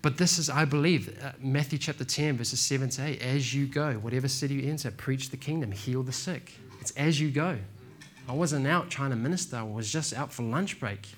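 A man preaching a sermon in a relaxed, slangy way, telling stories and calling listeners "man" and "bro". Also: medium pitch, brisk. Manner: laid-back, slangy, says "man" and "bro". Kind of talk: casual sermon with storytelling.

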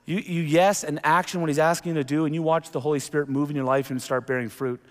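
A middle-aged male pastor preaching in a church sanctuary. His voice sits a little high and carries a long hall reverb. He tells his story with animated, lively energy. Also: fast. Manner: animated storytelling, jumps into acted quotes. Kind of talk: sermon.

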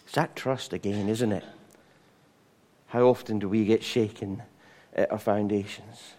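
A middle-aged man preaching a sermon, animated, acting out voices and singing. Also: fairly low pitch, measured pace, long pauses. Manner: animated, acts out voices, sings hymn lines.

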